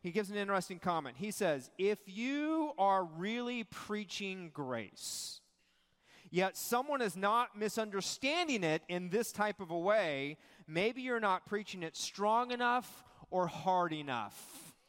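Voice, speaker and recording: A pastor preaching a sermon, emphatic and animated, piling up repetitions and rhetorical questions to a church congregation. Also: male voice, sits high, measured pace, clean tone. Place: church sanctuary. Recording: long hall reverb.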